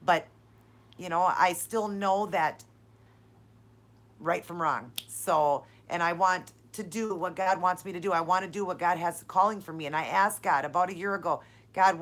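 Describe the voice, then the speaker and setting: A woman hosting a live-stream Q&A, talking straight to her viewers in an effusive, encouraging and heartfelt way. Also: fairly low pitch. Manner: talks straight to viewers, calling them "you guys" and "honey". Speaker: channel host answering live viewer questions.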